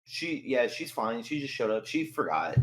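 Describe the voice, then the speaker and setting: A man's voice: mid-range voice, very animated, moderate pace, a bit bright, low-quality recording. A young man, co-host of a podcast, telling a story in casual chat, acting out quotes and swearing a lot.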